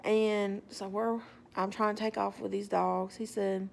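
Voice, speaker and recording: A woman telling a story in a casual, animated way with wry humor. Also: mid-range voice, unhurried, gravelly.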